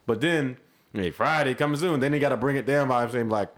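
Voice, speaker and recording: A man co-hosting a casual chat, animated and laughing as he mimics people's repeated greetings. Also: medium pitch, brisk, slight background noise. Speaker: podcast co-host.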